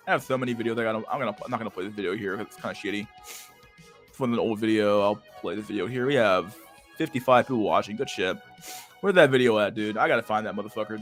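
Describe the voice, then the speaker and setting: A young man hosting a livestream, ranting casually with heavy swearing and loud bursts of laughter. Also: fairly low pitch. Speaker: livestream host.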